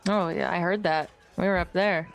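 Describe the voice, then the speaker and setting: A woman playing a tabletop game, describing her character's actions and speaking in brisk, sassy banter. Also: on the low side, steady tone, soft background music. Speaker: player. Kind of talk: in-character roleplay.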